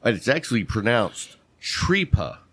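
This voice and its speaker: A man's voice: on the low side, lively intonation, measured pace, dry recording. A man co-hosting a casual podcast chat, quizzing his partner on terms and calling out right answers with playful exclamations. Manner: playful quizmaster, shouts "bam" on right answers.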